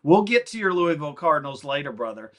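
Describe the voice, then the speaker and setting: Casting: middle-aged male co-host, slightly high, forceful bright voice, relaxed banter. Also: fast. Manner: nostalgic, easygoing, laughs along. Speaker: podcast co-host. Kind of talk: casual chat.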